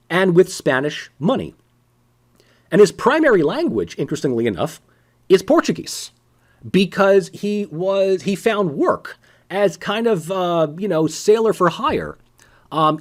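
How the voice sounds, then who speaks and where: A man giving a casual, conversational political science lecture with sarcastic asides. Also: sits high.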